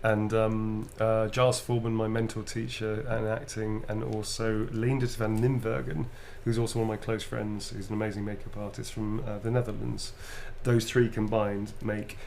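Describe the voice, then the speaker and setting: A man's voice: on the low side, level tone, normal speed, gravelly, few pauses, darkish tone, slight background noise. A tired British man from Birmingham chatting casually on a livestream while signing autographs, laughing often and calling people "darling" and "mate". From Birmingham, England.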